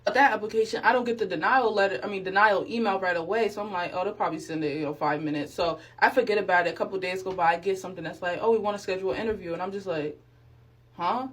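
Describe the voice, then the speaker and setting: Young adult woman vlogger, lively storyteller, plays her own reactions, earnest about faith. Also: mid-range voice, rapid-fire, few pauses. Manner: animated, acts out her own reactions and quotes; sincere, speaks of faith. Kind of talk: casual storytime testimony.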